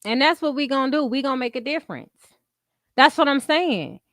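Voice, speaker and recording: A woman's voice: high-pitched, animated, a little fast, fairly bright tone, no room sound, studio quality. A woman hosting an unscripted commentary stream, talking bluntly with heavy profanity and repeating her catchphrases.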